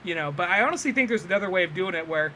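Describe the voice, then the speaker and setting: Young man, podcast co-host, high bright voice, animated, faint room hum. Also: racing. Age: young adult. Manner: animated, laughing, acts out cartoon lines. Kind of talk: casual chat.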